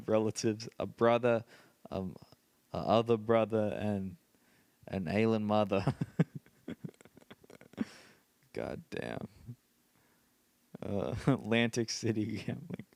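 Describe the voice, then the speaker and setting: A man's voice: fairly low pitch, takes it slowly, gravelly, pauses often, a little mellow, no room sound. A tired man hosting a casual solo podcast late at night, rambling and often laughing to himself. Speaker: podcast host.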